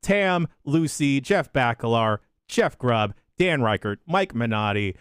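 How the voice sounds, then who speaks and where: A man hosting a podcast, reading a rapid list of listener shout-outs in a deadpan way with crude jokes. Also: clear, resonant tone, dry recording, studio quality. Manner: deadpan delivery with sudden pitch jumps and crude jokes.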